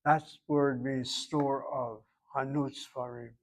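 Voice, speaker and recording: A man's voice: medium pitch, little pitch movement, slow, rough recording. A man teaching a Hebrew grammar class, explaining step by step in an emphatic, opinionated way.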